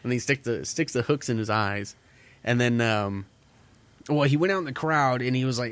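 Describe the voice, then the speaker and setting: A man's voice: lowish voice, quick pace. A man co-hosting a podcast, telling rambling stories in casual chat and acting out what people said. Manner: rambling storytelling, swears a lot, acts out quotes. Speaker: podcast co-host.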